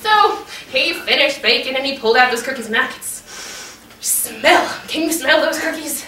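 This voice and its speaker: A woman storyteller telling a tale in character, playful and animated, teasing her audience, recorded from afar in an echoey room. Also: high voice, moderate pace. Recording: echoey room, distant mic, faint noise.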